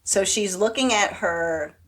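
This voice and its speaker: Woman, podcast co-host, casual and animated recap, mid-pitched. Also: a little slow. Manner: chatty, animated retelling with acted-out quotes. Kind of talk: casual chat recapping a TV show.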